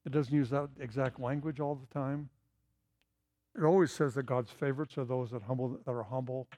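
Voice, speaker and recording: A man's voice: medium pitch, dark tone. A middle-aged man preaching a sermon in an earnest, emphatic way, driving points home through repetition. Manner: earnest, emphatic, repeats key phrases.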